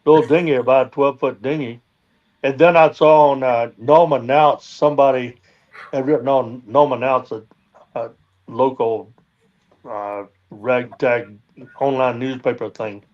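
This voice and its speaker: A man's voice: mid-range voice, fairly even intonation. Rambling man on dull lo-fi audio. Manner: rambling, drawn-out with fillers. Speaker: guest, dredge boat owner. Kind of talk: casual storytelling.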